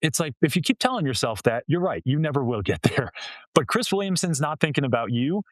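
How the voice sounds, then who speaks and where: A man's voice: a little high, sing-song, brisk, no room sound. A man speaking as a communication coach in a podcast interview, explaining ideas in an earnest, coaching way with everyday examples. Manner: earnest, coaching tone with illustrative quotes. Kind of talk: conversational interview answers.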